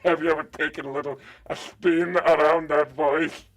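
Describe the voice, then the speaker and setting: A man's voice: a little high, level tone, moderate pace. A man calling into a live show, panicky and insulting. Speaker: caller. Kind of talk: comic bit over a call.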